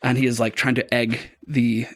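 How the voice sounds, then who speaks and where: A man's voice: mid-range voice, flat delivery, moderate pace, dry recording. A man running a tabletop game as game master, narrating earnestly. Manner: earnest, chokes up while narrating.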